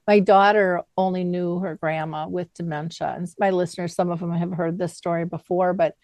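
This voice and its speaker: A middle-aged woman hosting a talk show, telling an anecdote in a lively, conversational way. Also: fairly low pitch, brisk, no room sound. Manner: lively anecdotal, acts out quoted dialogue. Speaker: podcast host. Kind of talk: conversational storytelling.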